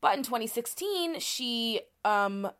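A woman's voice: on the high side, animated, slow pace, fairly bright tone. Chatty woman explaining, full of fillers. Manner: chatty, many "like" fillers and restarts. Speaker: podcast co-host presenting research. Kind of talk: casual conversational explanation.

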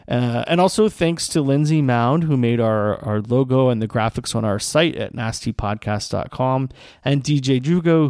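A man hosting a podcast, closing the episode in a playful, animated way and reading out a listener review. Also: mid-range voice, creaky, smooth, dry recording, clean studio sound. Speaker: podcast host. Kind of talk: casual podcast chat.

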